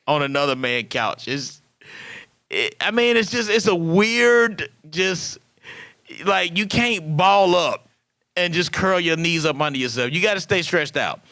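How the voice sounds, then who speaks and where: A man in his thirties hosting a comedic podcast monologue, acting out quoted dialogue in an animated way. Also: on the high side, dry recording. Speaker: podcast host.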